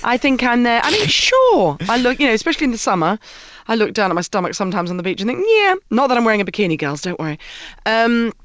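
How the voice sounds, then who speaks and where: Animated middle-aged British woman, dry studio. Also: mid-range voice, fast, no room sound. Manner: lively, animated storyteller acting out quoted voices. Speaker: guest. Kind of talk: casual chat.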